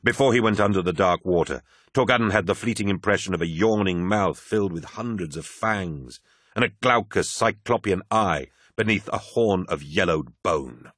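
A man with a very deep voice reads an audiobook in a steady, dramatic way. His tone is forceful and the recording is dry and close, with no room sound. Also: moderate pace, dry recording. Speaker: audiobook narrator. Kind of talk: scripted audiobook narration.

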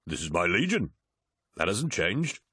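A man's voice: low-pitched, sing-song, a little slow, a bit bright, slightly rough, no echo, studio quality, full character voice. A man voicing a steadfast, loyal armoured male warrior who speaks firmly in an audiobook. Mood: steady. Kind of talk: audiobook character voice.

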